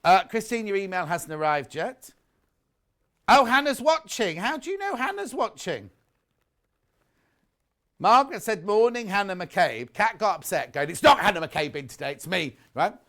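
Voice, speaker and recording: A middle-aged British man presents live on a shopping channel, chatting and gossiping between products and viewer messages with rambling asides. His voice sits high and a bit bright, sing-song, at normal speed with long pauses.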